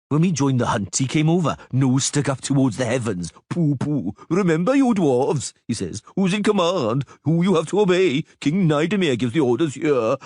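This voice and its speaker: Stocky bearded dwarf, coarse and mocking, pitched up and loud, read by a male narrator. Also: dry recording, clean studio sound.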